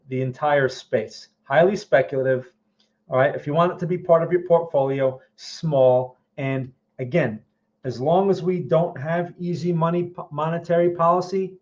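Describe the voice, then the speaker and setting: A blunt, skeptical man with a slightly high voice gives casual live-stream market commentary, answering viewer questions as a trading channel host. He stumbles and repeats words and keeps asking "right?" and "okay?". The stream audio is a little dull and lo-fi. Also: normal speed, darkish tone.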